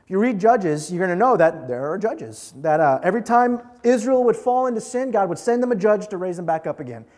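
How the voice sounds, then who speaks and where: Lively high-voiced young preacher man. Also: fairly quick. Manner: animated, joking, conversational. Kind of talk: casual sermon to a live group.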